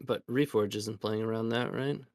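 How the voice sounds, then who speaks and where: A man's voice: on the low side, steady tone, normal speed. A tired man discussing card game plays in a casual chat, thinking aloud in a hesitant way. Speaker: guest player in a card game.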